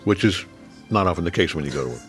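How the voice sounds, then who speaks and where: A man in his seventies chatting over a meal, telling relaxed stories that drop low and quiet when he reflects. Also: racing, faint music behind. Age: 70s. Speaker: guest. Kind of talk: casual chat over a meal.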